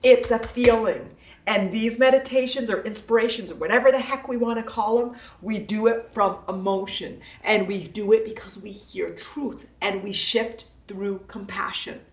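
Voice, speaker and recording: A woman's voice: medium pitch, moderate pace. A woman hosting a live talk as a self-help coach, speaking playfully and emphatically, repeating herself for effect. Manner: playful and emphatic, with lots of repetition. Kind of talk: casual motivational talk to a live audience. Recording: roomy echo, voice from a distance from the mic.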